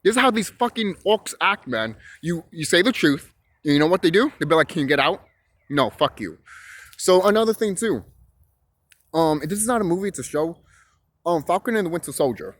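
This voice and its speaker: A man's voice: high voice, expressive, a little fast, fairly bright tone. A young man talking casually, rambling and swearing, shivering a bit from the cold outdoors. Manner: rambling, profane and emphatic, with restarts. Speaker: vlogger. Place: outdoors on a chilly hillside.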